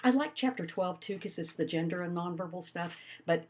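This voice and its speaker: An older woman lectures in a recorded class. Her voice sits fairly low, and her delivery is demonstrative and expressive, with lively emphasis. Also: a little fast, a little hiss or hum. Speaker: college instructor.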